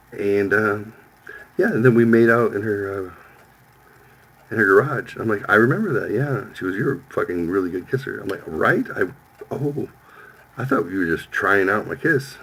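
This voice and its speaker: Man in his fifties, profane storyteller, low voice, faint hiss. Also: vocal fry, fairly bright tone, low-quality recording. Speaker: podcast host. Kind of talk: casual storytelling chat.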